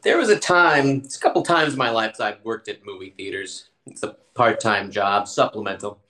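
A podcast co-host telling a story in casual chat, expressive and lively. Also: medium pitch, fairly quick.

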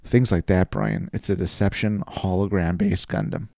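A man's voice: deep voice, steady tone, moderate pace, creaky, darkish tone, no room sound, clean studio sound. A man co-hosting a casual podcast, joking and laughing often, with playful mock-dramatic asides. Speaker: co-host.

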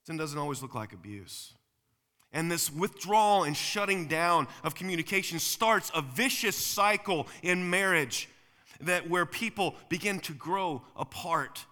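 Bright-voiced male pastor preaching in a hall. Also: expressive, unhurried. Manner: preachy, swings from loud emphatic to quiet and low. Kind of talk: sermon. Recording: long hall reverb.

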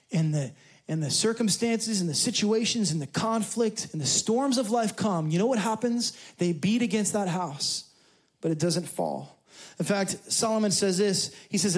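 A man preaching a sermon as a church pastor, telling stories with animated, rising delivery. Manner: animated storyteller, rising high when excited.

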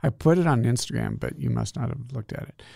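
A man co-hosting a podcast in casual, easygoing chat, quick to affirm and laugh. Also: mid-range voice, vocal fry, darkish tone, dry recording, clean studio sound. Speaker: priest and podcast co-host.

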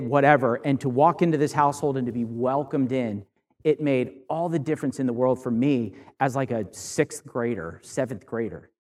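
A man preaching a relaxed, anecdotal sermon. His voice sits a bit higher than most men's, and he talks in a loose, conversational way, full of fillers and restarts as he tells stories from his youth. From Northern Virginia. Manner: casual, storytelling, many fillers and restarts. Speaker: pastor.

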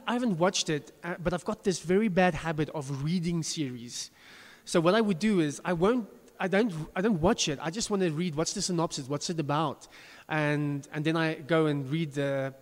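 High-voiced man preaching in a reverberant hall. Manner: conversational, self-deprecating, with restarts. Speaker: pastor. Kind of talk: sermon.

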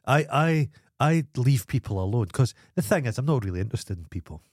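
A man's voice: medium pitch, expressive, brisk, a little mellow, dry recording, studio quality. A middle-aged man with a Scottish accent, co-hosting a podcast, telling stories bluntly and grumpily with lots of swearing. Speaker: podcast co-host. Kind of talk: casual chat.

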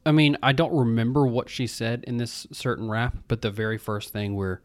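A man co-hosting a casual movie podcast, animated and acting out quotes as he talks. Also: medium pitch, moderate pace, dry recording. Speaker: podcast co-host. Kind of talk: casual chat.

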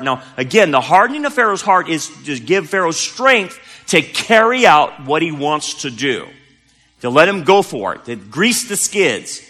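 A man's voice: fairly high pitch, pushed and bright, long reverb tail. A male pastor preaching a sermon in a church, talking conversationally and earnestly, often restarting his sentences. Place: church sanctuary.

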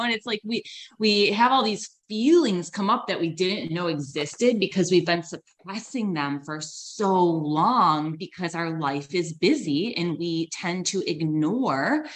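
Low-pitched woman financial advisor. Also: expressive, unhurried. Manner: conversational, frequent fillers and restarts. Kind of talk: podcast interview.

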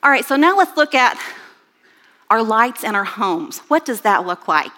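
A woman in her forties giving a sermon with personal stories, chatty and animated, with rising exclamations. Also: on the high side, normal speed. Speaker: church speaker. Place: church sanctuary. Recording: reverberant church hall.

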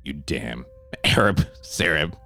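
A man voicing a hot-headed older Irish action-movie star in a comedy sketch, growling lines and bursting into shouts. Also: very deep voice, expressive, slow pace, gravelly, heavily acted. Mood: menacing. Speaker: podcast co-host.

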